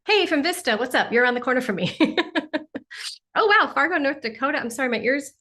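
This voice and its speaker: A woman's voice: sits high, very animated, fairly quick, bright, forceful tone. Bubbly woman hosting a livestream. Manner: bubbly, effusive, exclaims often. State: sniffly from allergies. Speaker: livestream host and spiritual teacher. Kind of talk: casual livestream chat greeting viewers.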